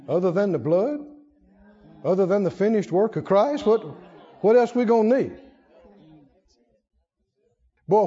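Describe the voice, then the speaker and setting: A man preaching a sermon, animated, acting out quotes and shouting at the peaks. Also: on the high side, breathy edge, highs cut off.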